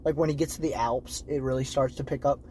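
A man's voice: mid-range voice, steady tone, fast talker, darkish tone, a little hiss or hum. A young man co-hosting a podcast, chatting casually and swearing freely as he recaps scenes. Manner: profane, acts out scenes with quoted voices. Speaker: podcast co-host. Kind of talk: casual chat.

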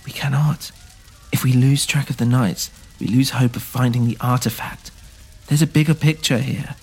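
Brief: man reading as a hard-nosed leader, gravelly and insistent, in an audio drama. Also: medium pitch, steady tone, normal speed, darkish tone, faint music behind. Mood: firm. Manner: firm, insistent, clipped reasoning. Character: stern, pragmatic male party leader.

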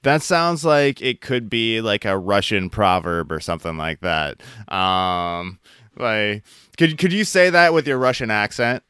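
A man hosting a podcast interview, relaxed and jokey in casual chat. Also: fairly low pitch, a little slow, clean tone, no room sound, clean studio sound. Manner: relaxed, jokey, uses fillers like "like" and "you know". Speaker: podcast host.

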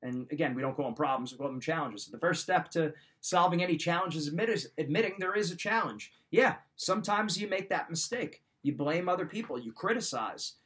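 A man with a slightly raised pitch gives motivational life advice. He talks straight at the listener like a coach and drives the same points home again and again. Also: expressive, brisk, hardly any pauses, a bit bright. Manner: direct, coaching, repeats key points. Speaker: podcast host giving life advice. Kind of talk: motivational talk.

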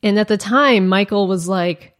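A young woman co-hosting a casual chat, telling a story in a chatty way full of "like" fillers. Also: mid-range voice. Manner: chatty, frequent "like" fillers, quick asides. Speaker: podcast co-host.

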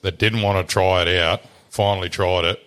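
A man's voice: low voice, steady tone, normal speed, fairly bright tone, slight background noise. A young Australian man, a podcast guest, chatting casually, swearing freely and laughing at his own stories. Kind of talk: casual chat.

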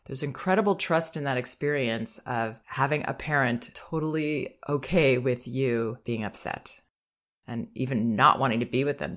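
A woman hosting a parenting advice podcast, speaking in a calm, gentle and reflective way, with soft laughs. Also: extremely low pitch. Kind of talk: advice monologue.

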